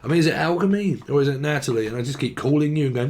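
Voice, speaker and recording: Guy doing a rambly jokey tarot reading, voice a bit on the high side. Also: rapid-fire, few pauses, darkish tone. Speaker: tarot reader. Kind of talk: casual tarot reading to camera.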